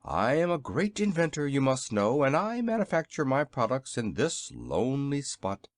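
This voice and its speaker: A man's voice: medium pitch, huge pitch swings, moderate pace, dry recording, clean studio sound, pitched above the performer's own voice. A man voicing a very old, polite male inventor in a storybook reading, with a courtly, eager manner. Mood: earnest.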